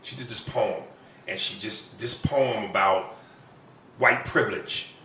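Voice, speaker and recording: A man hosting a podcast, talking casually and excitedly with slang and swearing. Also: lowish voice, unhurried. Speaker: podcast host. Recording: roomy, distant mic with faint background hum.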